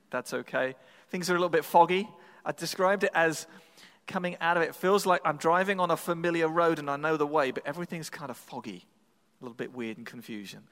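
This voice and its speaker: Man, pastor, conversational sermon, light humor, slightly high voice, long hall reverb. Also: fairly bright tone. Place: church sanctuary.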